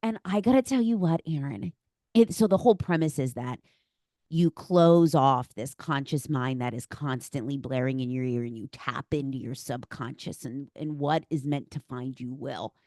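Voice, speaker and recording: A woman's voice: rumbling low, moderate pace, warm tone, no room sound, clean studio sound. A woman hosting a podcast interview, talking in an effusive, emotional way and gushing with praise for her guest. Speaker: podcast host.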